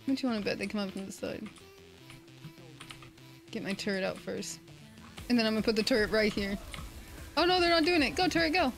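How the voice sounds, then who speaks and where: A woman streaming a game, chatting casually, easily excited, swearing and laughing a lot. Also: on the high side, brisk, vocal fry, long pauses, soft background music. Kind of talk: casual live-stream gaming chat.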